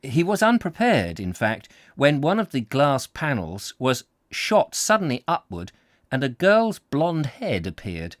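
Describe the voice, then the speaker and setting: A man reading a story aloud at home, relaxed and unpolished, who often trips over words and corrects himself. His pitch moves a lot through each sentence, and the sound is dry and close with no room in it. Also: a little slow, no room sound. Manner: stumbles, laughs and apologizes often. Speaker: audiobook reader. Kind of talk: casual read-aloud story narration.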